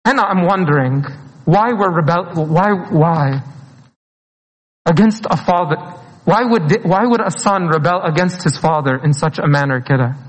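A man preaches, his voice sitting high. He speaks earnestly and pleadingly, slipping in phrases and short laughs. The sound carries a long reverb, as if in a church hall. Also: measured pace. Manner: earnest, pleading, mixes in Arabic phrases, laughs between lines. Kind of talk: sermon.

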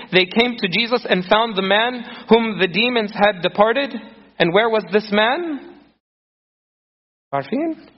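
A man preaching a sermon earnestly, acting out scripture quotes with feeling. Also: high voice. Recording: muffled sound in a reverberant hall.

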